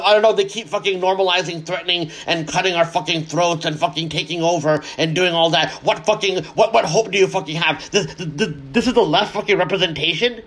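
A man's voice: high-pitched, a little fast, hardly any pauses, fairly bright tone. A man in an angry, heavily profane solo rant. He is sarcastic and keeps repeating words as he restarts his sentences.

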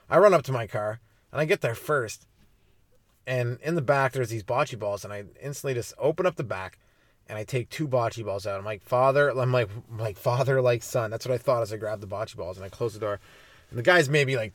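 A man's voice: mid-range voice, dry recording. A young Canadian man hosting a comedy podcast, telling a rambling, profane story with a casual, joking delivery. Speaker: podcast host, stand-up comic.

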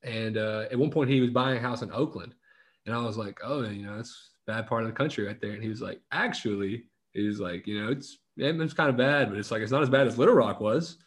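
A man in casual chat, chatty and quick with follow-up questions. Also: lowish voice. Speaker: podcast co-host.

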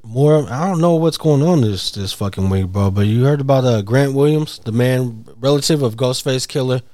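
A man's voice: medium pitch, normal speed, warm tone, dry recording. A man in casual chat, laid-back, telling a story and swearing casually.

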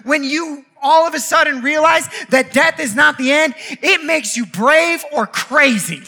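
A man preaching a sermon with impassioned delivery, piling up rhythmic repeated phrases and building up to shouts. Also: very high voice, measured pace.

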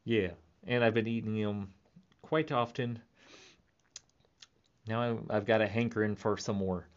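A man's voice: on the low side, unhurried, lo-fi sound. A man in his thirties rambling playfully in a casual monologue, laughing often. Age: 30s. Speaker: vlogger.

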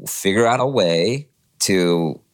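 A man in his forties from California, a podcast guest telling his personal story in an animated way and acting out the people he quotes. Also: takes it slowly. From California, USA. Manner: animated, acts out quoted people with sudden high voices.

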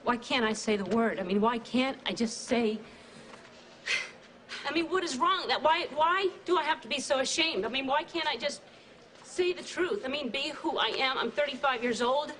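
A woman's voice: high voice, animated, moderate pace, fairly bright tone. An actress in her thirties playing a nervous woman coming out in a 1990s sitcom, stammering and searching for words. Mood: anxious. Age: 30s. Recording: sitcom clip with studio audience. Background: studio audience laughter.

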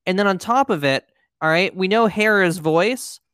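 Co-host on a podcast getting worked up and doing little voices, mid pitch, no echo. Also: normal speed, clear, resonant tone, clean studio sound. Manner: animated, acts out quoted lines. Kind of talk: casual podcast chat.

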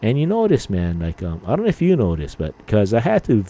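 A man's voice: on the low side, wildly swooping pitch, fairly quick, mellow. A man in his fifties hosting a podcast, chatting casually and rambling with mild swearing and lots of filler words. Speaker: podcast host.

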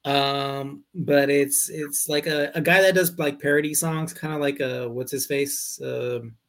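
A man's voice: mid-range voice, steady tone, measured pace, fairly bright tone. Man, podcast co-host, laid-back, casual chat, swears, laughs.

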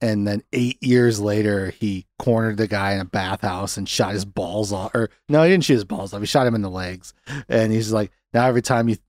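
A man's voice: lowish voice, moderate pace, no echo, studio quality. A man hosting a casual film podcast, laughing often and acting out lines as he goes. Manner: animated, laughs often, acts out quotes. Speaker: podcast host.

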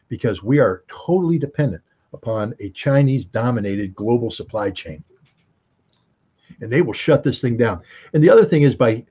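A man's voice: mid-range voice, darkish tone, slightly rough, dull audio. A man giving casual political commentary, emphatic and full of rhetorical questions, often restarting his sentences. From United States.

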